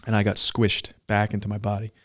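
In an easygoing conversation, a man with a somewhat low voice slowly tells a story from his own life, thoughtfully hunting for words, stopping and starting, and using lots of fillers. The audio sounds dry and close-up, with no echo and hardly any room around it.

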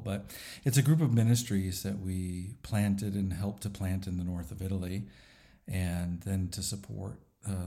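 A middle-aged man, a pastor and church planter, speaking thoughtfully in a podcast interview with frequent "uh" pauses. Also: low-pitched, vocal fry, mellow. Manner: thoughtful, with many "uh" fillers and a light laugh.

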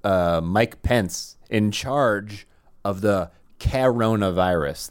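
Young male non-native co-host, smooth and lowish, wry mocking paraphrases. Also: takes it slowly, dry recording, studio quality. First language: not English. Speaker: podcast co-host. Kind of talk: casual chat.

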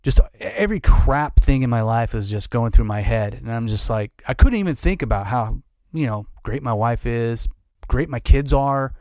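A middle-aged man with an expressive, slightly mellow mid-range voice tells a hard personal story as an interview guest, recorded in studio quality with no echo. In this casual conversation he's candid and emotional, halting, restarting, repeating words, and saying "dude."

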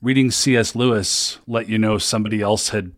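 A man's voice: on the low side, fairly even intonation, fairly quick, dry recording. Man interviewing in a dry room. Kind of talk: conversational interview.

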